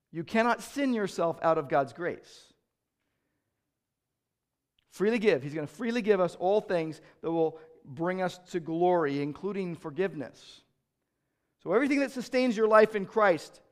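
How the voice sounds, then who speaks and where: A man preaching a sermon in a fairly high voice. He repeats his key lines for weight and swells toward passionate, emphatic peaks. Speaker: pastor.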